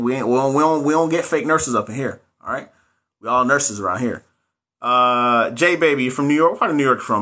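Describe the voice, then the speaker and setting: Man, bright tone, middle pitch, casual live-stream coaching, motivational, chats with viewers. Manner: motivational, talks straight to viewers, reads out comments.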